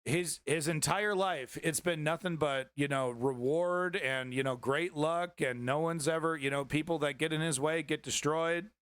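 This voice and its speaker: A man's voice: fairly high pitch, normal speed, few pauses, a bit bright, clean tone, dry recording. A man hosting a live-stream news commentary, sarcastic and indignant, swearing freely.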